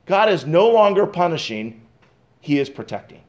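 High-voiced preacher with dynamic delivery. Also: male voice, big pitch swings. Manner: dynamic, swings loud and soft, reads scripture slowly. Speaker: pastor. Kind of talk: expository sermon.

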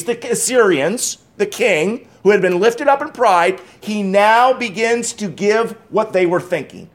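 A man with a slightly higher-pitched voice delivers an emphatic sermon. He stresses and repeats key phrases, then drops into loose conversational asides with small restarts. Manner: emphatic preaching, repeats key phrases, reads scripture aloud. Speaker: pastor.

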